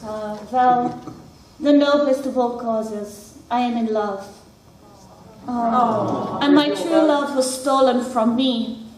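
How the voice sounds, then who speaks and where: A woman's voice: a little high, darkish tone. A woman putting on a lovesick French-accented adventuress. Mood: theatrical longing. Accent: put-on French. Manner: slow, theatrical, dramatic delivery. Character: lovesick woman adventurer questing for lost love. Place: live show at a games convention. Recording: echoey convention hall, far from mic, audience noise.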